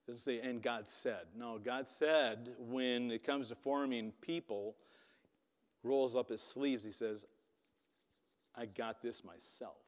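A man preaching a sermon, telling a Bible story dramatically with loudness that rises and falls. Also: medium pitch, fairly even intonation, slow pace. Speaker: pastor. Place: church hall. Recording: long reverb of a hall.

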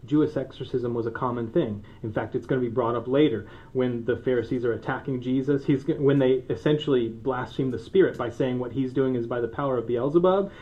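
A man's voice: mid-range voice, a little fast, few pauses, dark tone. Pastor guy preaching, chatty and jokey, laughs a lot, kinda dull muffled sound. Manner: conversational, joking asides, laughs often. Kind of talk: sermon. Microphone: microphone.

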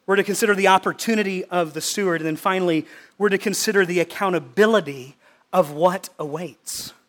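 A high-pitched man delivers a sermon as pastor. He is emphatic and hammers home his points by repeating words again and again. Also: a bit bright.

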